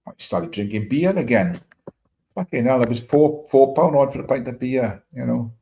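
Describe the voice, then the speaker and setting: A man's voice: mid-range voice, expressive, normal speed. A middle-aged man from Wales with a Welsh accent, chatting casually on a livestream, rambling through stories and swearing a lot. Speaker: livestream host. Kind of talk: casual chat. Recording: dull lo-fi stream audio.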